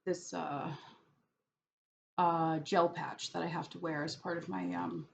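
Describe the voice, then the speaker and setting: In a low, creaky voice with little pitch movement, a woman from New York rambles slowly through a casual vlog, hesitating and restarting with plenty of fillers. She's wry and sarcastic at her own expense, recorded in dull lo-fi audio carrying faint background noise.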